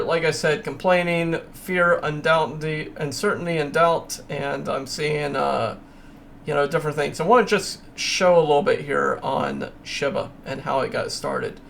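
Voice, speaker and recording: A man's voice: on the high side, vocal fry, fairly bright tone, slight background noise. A man hosting his own channel, talking casually and emphatically as he walks through price charts, with ranting asides. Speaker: crypto channel host. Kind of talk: casual screen-share chart walkthrough.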